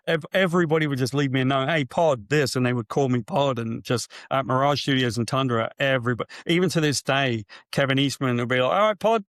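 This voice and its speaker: A man telling a story on a podcast, animated and full of character, jumping up high to imitate other voices. He has a mid-pitched voice. The recording is dry and close. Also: fast talker, few pauses, no room sound. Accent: non-local accent. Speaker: guest comics writer. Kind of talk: casual interview storytelling.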